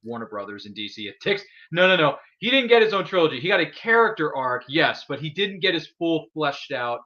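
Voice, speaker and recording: A man hosting a casual podcast chat about movies, excitable and gushing, talking in quick bursts. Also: fairly high pitch, muffled recording. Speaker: podcast host.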